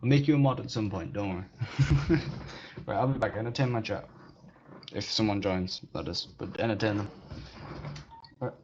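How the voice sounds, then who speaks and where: A man's voice: fairly low pitch, moderate pace, pauses often, a little mellow, a little hiss or hum. Joking man, lo-fi sound. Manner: joking, self-deprecating, chatty. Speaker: streamer. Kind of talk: casual live-stream chat. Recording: dull lo-fi recording.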